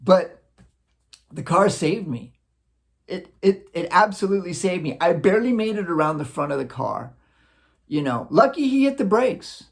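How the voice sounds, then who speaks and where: Man from Wisconsin, casual storyteller, gravelly voice, lots of rise and fall, acts out sound effects. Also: high-pitched, moderate pace. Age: adult, looking back on childhood. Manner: animated, acts out sounds, chuckles often. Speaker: vlogger.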